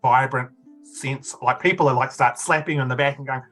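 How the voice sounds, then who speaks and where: A man's voice: mid-range voice, steady tone, fairly quick, fairly bright tone, faint music behind, rough recording. A man running a tabletop game as game master, narrating in a rambling way full of fillers.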